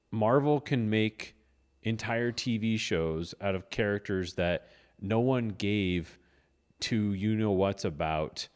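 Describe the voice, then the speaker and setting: A man co-hosting a casual movie-review podcast, laid-back and quick to laugh. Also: fairly low pitch, a little mellow, big-room sound. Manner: laid-back, laughs often, trailing asides. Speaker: podcast co-host.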